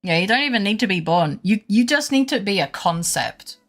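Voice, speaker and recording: A woman streamer chatting casually with her live chat, rambling through a funny story with animated retellings. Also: medium pitch, fairly quick, soft background music. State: unwell with brain fog.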